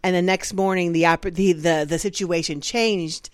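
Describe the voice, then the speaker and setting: A woman co-hosting a casual podcast chat, talking through her week with quick restarts and acted-out bits of conversation. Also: on the low side, steady tone, clean tone, dry recording. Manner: chatty, with restarts and acted-out anecdotes. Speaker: podcast co-host.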